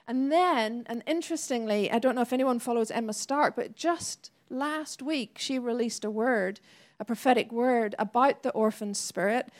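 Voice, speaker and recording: A woman's voice: fairly high pitch, moderate pace. A woman preacher delivering a sermon in an earnest, conversational way with laughing asides.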